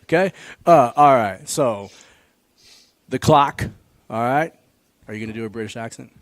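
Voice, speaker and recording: A man's voice: medium pitch, normal speed, no room sound. Host, man, teasing folksy banter, dry close sound. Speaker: host of a school sports show. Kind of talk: casual joking interview.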